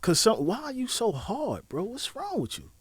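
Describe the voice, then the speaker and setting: A man co-hosts a podcast, casually chatting and telling stories animatedly while acting out what people said. His voice is high and husky, at a moderate pace, in a dry recording.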